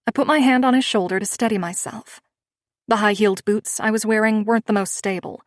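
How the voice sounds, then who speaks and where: A woman gives a measured, expressive first-person reading of a romance audiobook. Her voice is medium in pitch, and the recording is dry with clean studio sound.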